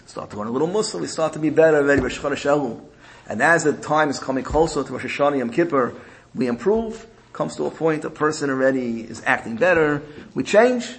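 A man's voice: a little high, poor audio. A man giving a sermon, retelling a parable in a storytelling manner with repetition and rising emphasis. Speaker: religious speaker.

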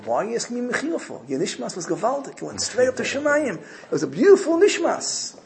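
A man voicing a stern but kind elderly rebbe in a told story, speaking firmly and softly. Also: a little high, very animated, brisk, gravelly. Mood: warm.

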